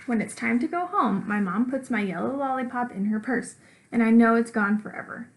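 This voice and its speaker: Woman, teacher, storybook read-aloud, expressive, slightly high pitch. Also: a little fast, slight background noise, poor audio. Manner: expressive, puts on character voices and woofs.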